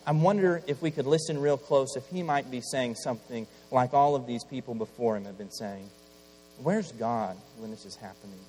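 A man preaching a sermon while battling a cold, swinging from loud impassioned pleading to hushed, quiet passages. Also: medium pitch, fairly quick, few pauses. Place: church. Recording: long hall reverb, faint mains hum.

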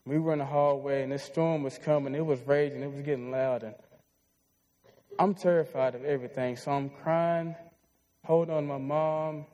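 A man's voice: fairly high pitch, fairly even intonation, moderate pace, warm tone, poor audio. A man in his twenties preaching a sermon, telling a heartfelt personal story in an earnest way. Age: 20s.

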